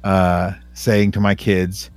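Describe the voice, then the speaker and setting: A man's voice: deep voice, monotone, slow pace, dry recording. A man in his thirties chatting casually on a podcast, hesitant with many fillers and restarts. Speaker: podcast co-host. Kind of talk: casual chat.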